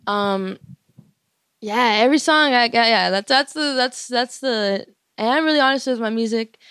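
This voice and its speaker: A woman's voice: fairly high pitch, moderate pace, fairly bright tone, clean tone, no echo. Young woman rapper talking real open in an interview, lots of likes and ums, laughs a bunch, dry close sound. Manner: open and confessional, lots of fillers and restarts, laughs often. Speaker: musician being interviewed. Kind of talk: candid interview talk.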